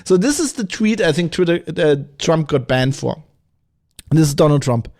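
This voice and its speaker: A middle-aged man hosting a podcast, talking in a rambling, animated way with many restarts and asides. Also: on the high side, normal speed. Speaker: podcast host. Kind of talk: opinionated solo podcast talk.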